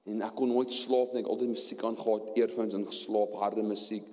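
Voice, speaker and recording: A man with a South African accent preaching a sermon and telling his story, going from hushed tones to loud preaching. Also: on the low side, fairly even intonation, quick pace, few pauses. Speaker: pastor. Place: church hall. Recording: long hall reverb.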